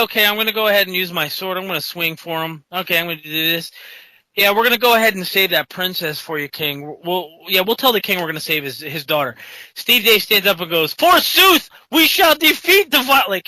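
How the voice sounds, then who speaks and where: Bright-voiced man telling a gaming story. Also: high voice, no room sound, poor audio. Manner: animated anecdote-teller who acts out quotes. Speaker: guest in a casual tabletop-gaming chat. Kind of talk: casual storytelling chat.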